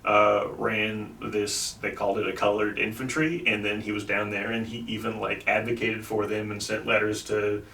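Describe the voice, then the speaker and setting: A man's voice: lowish voice, level tone, moderate pace, few pauses, bright, forceful tone. A man hosting a comedy podcast, casually telling a history story with lots of fillers. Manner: rambling, loose, with lots of likes and ums. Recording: echoey room, distant mic, faint noise.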